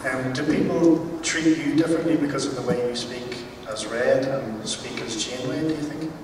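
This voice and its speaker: A man from Ireland asks his question haltingly, stopping often to say um. He is heard from a distance in a cavernous hall, with noise in the background. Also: mid-range voice. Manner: hesitant, with many ums. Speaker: fan asking a question.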